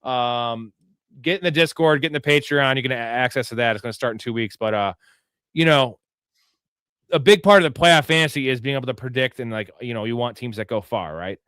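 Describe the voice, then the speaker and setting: Male host, rambling and profane, smooth clear voice, dry close sound. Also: medium pitch, brisk, a bit bright, dry recording. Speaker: fantasy football show host. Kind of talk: casual live show chat.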